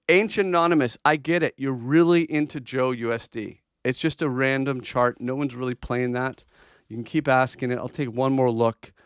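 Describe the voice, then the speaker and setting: A man's voice: medium pitch, smooth, dry recording, clean studio sound. A man hosting a crypto trading livestream, chatting casually and bluntly as he answers viewer requests, with plenty of fillers and restarts. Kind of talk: casual livestream chart commentary.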